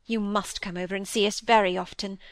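Woman voicing a genteel lady, kindly, gentle, coaxing, dry close sound. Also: medium pitch, steady tone, a little fast, dry recording, natural voice.

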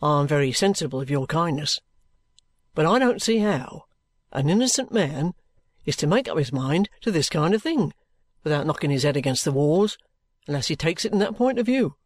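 A man voicing a bluff, steady middle-aged ex-soldier who talks plainly and good-humouredly. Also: on the high side, moderate pace, no room sound, voice pushed down.

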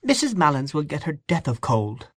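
A fussy elderly aunt frets and scolds, as a man reading the story puts her on. Her voice climbs well above his own into a lively, chiding sing-song. It is read close to the mic with no room sound. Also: fairly high pitch, normal speed, no room sound, voice pushed up. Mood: fretful. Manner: scolding, fretful.

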